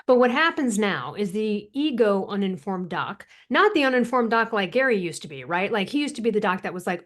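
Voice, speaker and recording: A woman guest on a podcast interview, talking in an animated, emphatic way and laughing often. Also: mid-range voice, a little fast, hardly any pauses. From United States. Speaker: author and thyroid coach, guest.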